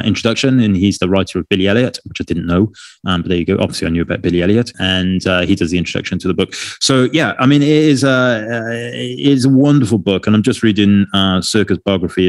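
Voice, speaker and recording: Deep-voiced man rambling on a podcast. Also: brisk, no echo. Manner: rambling, self-correcting, chatty. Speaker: podcast co-host. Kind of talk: casual podcast chat.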